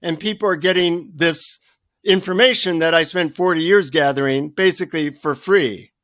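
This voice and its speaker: A man who is a guest author, telling humorous, animated stories in a remote interview. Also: fairly high pitch, moderate pace, no echo, studio quality. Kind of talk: storytelling in an interview.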